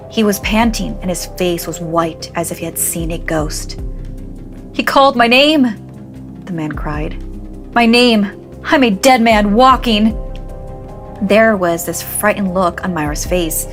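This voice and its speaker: Woman host, horror storyteller, low pitch, dramatic and measured. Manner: measured, dramatic, slows for suspense. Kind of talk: scripted horror narration.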